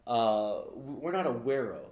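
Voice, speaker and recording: A man's voice: medium pitch, expressive, normal speed, echoey room, muffled recording. A man co-hosting a podcast, chatting casually and joking, with many restarts. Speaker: podcast co-host. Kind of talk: casual chat.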